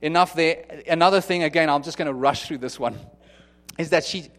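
A man's voice: fairly high pitch, brisk, fairly bright tone. A man preaching a sermon in an earnest, conversational way, often restarting and acting out what people might say. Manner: earnest, conversational, with many restarts and acted-out quotes. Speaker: pastor.

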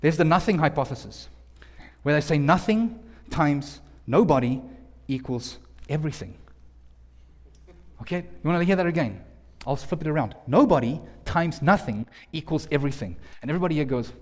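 High-voiced man preaching in a hall. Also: normal speed, long pauses. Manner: lively, jokey, talks directly to the audience. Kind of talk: sermon. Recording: long hall reverb.

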